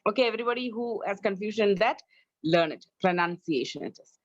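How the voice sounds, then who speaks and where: A woman's voice: mid-range voice, fast talker, no echo, muffled recording. A woman with an Indian English accent teaching English online, correcting her students' pronunciation and drilling them. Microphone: online class, video call.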